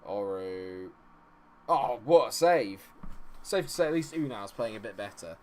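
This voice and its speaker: Man, live game streamer, low voice, very animated, excitable reactions. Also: measured pace, a little hiss or hum. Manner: excitable, reacting loudly to match moments. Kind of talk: live gaming commentary chatting with viewers.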